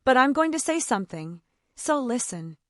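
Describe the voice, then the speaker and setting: A woman voicing a calm, protective male executive who speaks firmly and in a measured way. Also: sits high, no room sound, studio quality. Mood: gentle. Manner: firm, cool and measured.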